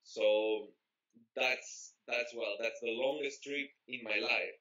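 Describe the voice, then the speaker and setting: A man from Spain speaks English with a Spanish accent in a relaxed interview, his voice bright and forward. He talks loosely, full of "like" and "you know", restarting phrases as he goes. The recording is somewhat dull and lo-fi. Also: mid-range voice, takes it slowly. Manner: rambling, many fillers and restarts. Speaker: interview guest. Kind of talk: casual interview chat.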